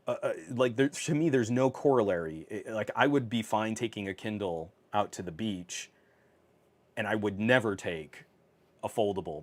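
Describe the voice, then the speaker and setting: A man hosting a casual tech livestream from his home office, reading viewer comments, laughing often and talking with many fillers. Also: lowish voice. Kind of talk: casual live-stream chat. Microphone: on camera.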